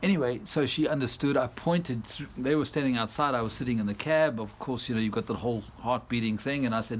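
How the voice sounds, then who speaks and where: A man's voice: medium pitch, fast talker, few pauses, slight background noise. A South African-born man vlogging outdoors, chatting casually and laughing often as he tells a tired, rambling story. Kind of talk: casual vlog chat. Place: outdoors, garden and yard.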